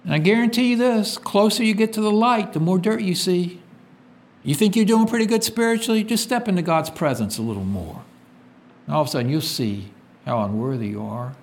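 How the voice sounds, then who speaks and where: A man preaching with a voice that rides up and down, fairly high for a man. He reads scripture and throws questions at his listeners. His delivery swings from loud, emphatic peaks to quiet, low drops. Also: animated, a little slow. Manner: call-and-response questions, reads scripture aloud. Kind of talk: sermon.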